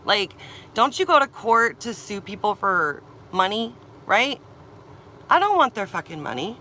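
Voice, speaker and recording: A woman's voice: medium pitch, sing-song, a little slow, pushed and bright, a little hiss or hum. A young woman venting in a vlog, upset and tearful, swearing and repeating herself. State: tearful and agitated. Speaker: vlogger. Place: camper van or campsite.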